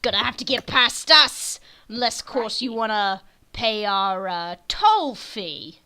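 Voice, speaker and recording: A brash, gruff brigand on a wyvern, put on by a woman running the game, demanding a toll with rude menace. The voice sits high and swings widely in pitch, with a bright, sharp edge. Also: animated, measured pace. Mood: menacing.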